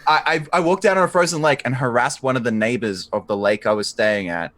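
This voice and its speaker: A man's voice: medium pitch, brisk, fairly bright tone, no room sound. A man with an Australian accent chatting casually with fellow players before a game, telling rambling anecdotes with the odd swear word. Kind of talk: casual chat over voice call.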